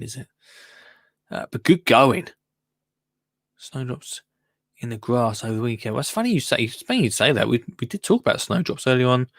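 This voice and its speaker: Male host, gravelly voice, rambling live-show chat, reads listener comments, dry close mic. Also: mid-range voice, dry recording. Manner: rambling and chatty, breaks off mid-sentence. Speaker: gardening podcast host.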